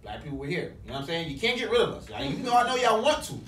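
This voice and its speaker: A man co-hosting a casual podcast, animated and full of slang, often laughing. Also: sits high, racing. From American. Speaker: podcast co-host. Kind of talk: casual chat. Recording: roomy, distant mic, faint noise.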